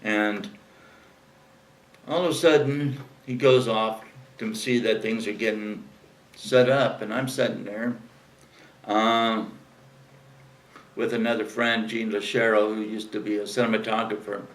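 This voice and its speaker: An interview guest tells a long, rambling anecdote, casual and full of fillers, acting out the people he quotes. His voice is on the low side and steady, at a measured pace with long pauses. A distant mic picks him up in an echoey room.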